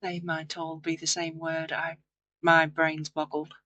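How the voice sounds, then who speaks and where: A woman's voice: sits low, monotone, measured pace, pushed and bright, slight background noise, poor audio. A tired woman narrating her clay crafting in a rambling, chatty, self-deprecating way late at night. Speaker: craft video host. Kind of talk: casual voice-over crafting narration.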